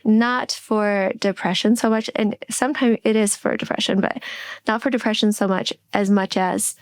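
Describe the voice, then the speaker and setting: A middle-aged woman co-hosting a podcast, speaking candidly and reflectively, often pausing and restarting her sentences. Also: medium pitch, steady tone, no room sound. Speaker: podcast co-host.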